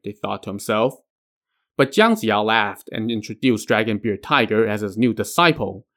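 A man's voice: lowish voice, expressive, normal speed, fairly bright tone. A man hosting a podcast, retelling a legend with casual asides. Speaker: podcast host. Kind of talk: storytelling narration.

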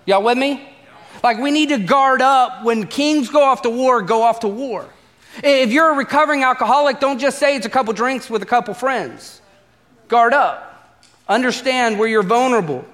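A man's voice: extremely high pitch, normal speed, fairly bright tone, big-room sound. A male pastor preaching a sermon, emphatic, repeating refrains and putting direct questions to the congregation. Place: church auditorium.

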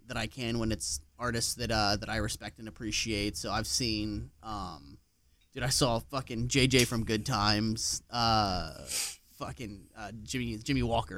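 A man's voice: lowish voice, measured pace, no room sound. A man co-hosting a podcast, telling stories in casual chat and swearing freely. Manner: swears freely, animated storytelling. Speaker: podcast co-host.

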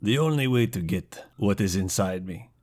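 A man voicing the Vault, a stiff male courier who answers in flat, formal sentences, in a tabletop role-play podcast. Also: deep voice, normal speed, slight background noise, pitched below the performer's own voice. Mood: deadpan. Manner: flat, formal, clipped speech.

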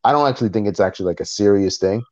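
A man co-hosting a podcast in casual chat, retelling events in an animated way and acting out what people said. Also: lowish voice, racing. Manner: animated storytelling, acting out quotes. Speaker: podcast co-host. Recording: dull lo-fi recording.

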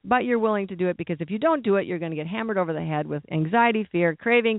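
A man's voice: high voice, quick pace, no echo. A man preaching a sermon in a conversational, rambling way, asking the listeners questions and adding asides. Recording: dry, narrow phone-like sound.

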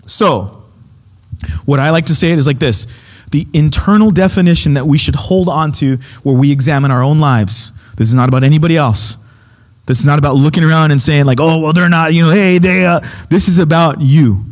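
Male preacher, slightly high voice, casual, insistent Bible teaching. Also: brisk. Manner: emphatic, keeps checking in with "okay?"; repeats key points, restarts phrases.

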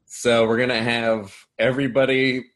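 A man's voice: mid-range voice, level tone, moderate pace, fairly bright tone. Laid-back man in his twenties. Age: 20s. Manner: laid-back, laughing, joking. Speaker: podcast guest. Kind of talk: casual chat.

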